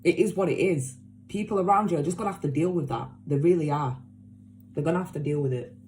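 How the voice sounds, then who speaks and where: A woman's voice: low-pitched, fast talker, darkish tone, faint music behind. A woman giving a casual tarot reading to her viewers, talking emphatically and bluntly, swearing, repeating herself and caring. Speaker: tarot reader.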